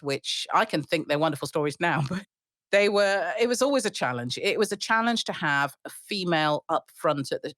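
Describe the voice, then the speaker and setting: Woman pilot telling lively stories. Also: low-pitched, dry recording, studio quality. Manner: animated storyteller, frequent restarts and laughs. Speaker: airline pilot, podcast guest. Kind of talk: storytelling interview.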